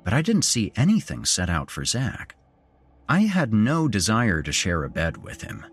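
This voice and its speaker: A man with a husky, somewhat low voice narrates a first-person horror tale. His delivery is expressive, with pitch rising and falling widely through the story. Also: normal speed, faint music behind. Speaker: podcast host and narrator.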